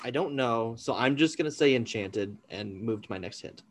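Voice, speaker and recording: A man's voice: medium pitch, animated, moderate pace, slight background noise. Rambling laughing man on a podcast. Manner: rambling, laughing, self-deprecating. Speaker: podcast co-host guessing movies. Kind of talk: casual chat.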